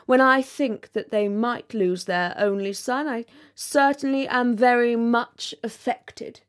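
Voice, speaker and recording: A woman's voice: on the high side, steady tone, slow. A woman voicing a pompous, self-pitying male firework rocket in a storybook reading, with a melodramatic, self-important manner. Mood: haughty.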